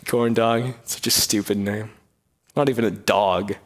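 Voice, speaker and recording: A young man voicing a scheming, smug villainous prince in a low, mocking voice, in a comic one-man play. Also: steady tone, measured pace, natural voice. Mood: sneering. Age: young adult. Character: scheming sneering villainous prince, male adult.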